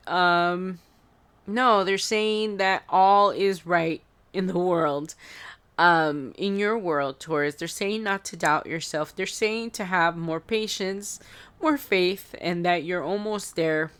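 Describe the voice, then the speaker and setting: Emotional, halting woman tarot reader. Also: on the low side, fairly bright tone, clear, resonant tone. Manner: halting, filler-heavy, emotional, addresses viewers as guys. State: choked up, near tears. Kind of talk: intuitive tarot reading to camera.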